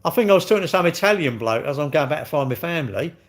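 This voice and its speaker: A man's voice: on the high side, lively intonation, very fast. A man, chatting casually on a live stream and telling rambling, sweary stories while answering viewers. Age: 60s.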